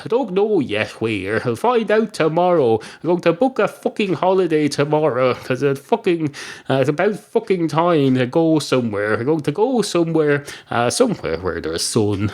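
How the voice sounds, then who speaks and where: An Irish man hosting a podcast, delivering a rambling, deadpan comic monologue and jumping into quoted voices. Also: medium pitch. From Ireland. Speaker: podcast host.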